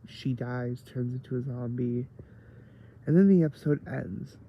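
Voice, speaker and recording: Tired, slow-talking man with a gravelly voice. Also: medium pitch, highs cut off, a little hiss or hum. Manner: rambling, slow and tired, many fillers. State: tired late at night. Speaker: TV episode reviewer. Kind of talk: casual spoken review.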